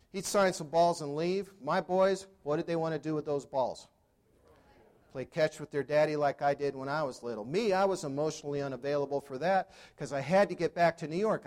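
A man in his sixties delivers a storytelling keynote to a live audience. His voice sits a little high for a man. He talks conversationally, throws questions to the crowd, and lands dry jokes. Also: a little mellow. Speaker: motivational speaker.

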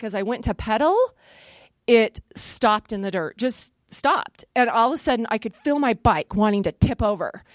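Lively storytelling woman, dry close sound. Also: fairly high pitch, dry recording. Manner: lively, self-deprecating storytelling with animated quoted asides. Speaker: speaker sharing a personal story. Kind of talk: personal testimony talk to an audience. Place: in front of a live audience.

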